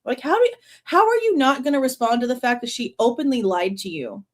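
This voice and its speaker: A woman's voice: sits high, very animated, fairly quick. Blunt, sarcastic woman hosting a true crime livestream. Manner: blunt, swears, sarcastic asides; reads quoted passages, then breaks off to comment. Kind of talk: reading a book aloud with live commentary.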